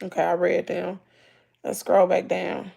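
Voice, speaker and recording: A woman's voice: on the low side, measured pace, vocal fry, breathy edge, highs cut off. A woman from Mississippi with a Southern accent, hosting a casual livestream, telling stories with country slang and reading comments aloud. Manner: animated storytelling, loud laughter, country slang. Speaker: livestream host.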